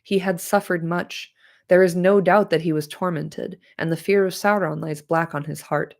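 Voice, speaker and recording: A woman voicing a stern male ranger, speaking calmly and evenly in a slightly nasal voice. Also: on the low side, normal speed, creaky. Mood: steady. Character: weathered ranger man, steady and stern.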